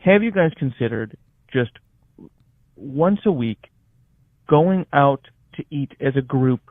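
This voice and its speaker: A man's voice: mid-range voice, expressive, slow pace, pauses often, dry recording. A man calling in to a live show, earnestly lecturing the hosts with formal business suggestions. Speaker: caller. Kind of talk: call-in suggestion. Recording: tinny phone line.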